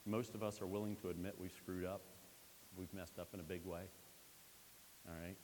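A man's voice: low-pitched, steady tone, moderate pace, darkish tone. A male pastor giving a conversational sermon and checking in with the congregation. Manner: conversational preaching, frequent "all right?" check-ins. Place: church sanctuary. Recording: long hall reverb, faint hiss.

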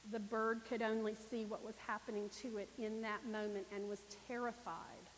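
A woman's voice: mid-range voice, level tone, moderate pace. A woman preacher giving a sermon at a church service, telling her stories with animation and acting out the people in them. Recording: long reverb, faint hiss.

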